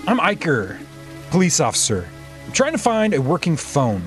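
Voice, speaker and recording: A man's voice: on the high side, wildly swooping pitch, moderate pace, music in the background. A man streaming a live game playthrough, reading the dialogue aloud in a playful, jokey way.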